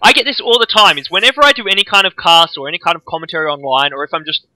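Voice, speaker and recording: A young Australian man co-hosting a casual podcast, sarcastic and laughing often between quick asides. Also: a little high, bright, forceful tone, no echo, low-quality recording. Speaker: podcast co-host.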